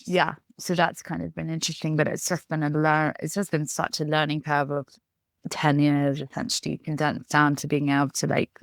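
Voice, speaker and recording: A woman healer is a guest on a podcast, reflecting in an interview conversation and leaning heavily on fillers like "just" and "like." Her voice is deep, gravelly and level, at a moderate pace, with no echo.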